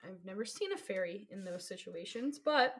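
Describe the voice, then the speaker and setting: A woman's voice: mid-range voice, expressive, fairly quick, a little mellow. A young woman co-hosting a casual podcast, rambling and giggly with lots of fillers. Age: young adult. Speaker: podcast co-host. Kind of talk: casual chat.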